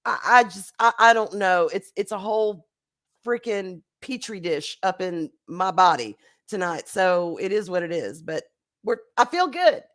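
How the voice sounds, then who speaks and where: Hoarse, chatty woman streamer. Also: medium pitch, expressive, measured pace. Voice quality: nasal, congested. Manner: chatty, laughing, swings between loud bursts and quiet asides. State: hoarse from a recent flu. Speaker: livestream host. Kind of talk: casual chat reading live chat.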